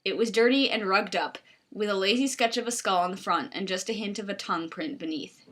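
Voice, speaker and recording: A woman's voice: mid-range voice, brisk, a bit bright. A woman reading bad fan fiction aloud, blunt and swearing in her comments. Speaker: fanfiction reader. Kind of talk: mocking dramatic reading.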